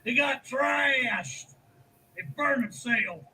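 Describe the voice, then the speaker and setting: A man voicing a crude, loud trailer-park man who shows off his run-down house in a comedy sketch. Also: extremely high pitch, animated, extremely slow, creaky, husky, voice pushed up, full character voice, poor audio. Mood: crude bragging.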